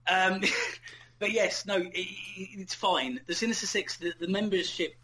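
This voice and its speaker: A man's voice: high voice, normal speed, pushed and bright, rough recording. A man co-hosting a comedy podcast in casual chat, rambling and goofy, often self-deprecating. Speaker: podcast co-host.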